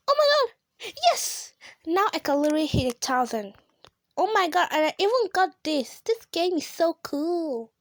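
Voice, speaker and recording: A female gamer giving excited let's-play commentary to her viewers, gasping and exclaiming often. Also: sits high, normal speed, no echo, clean studio sound. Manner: drops to a whisper at times. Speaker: gaming channel host.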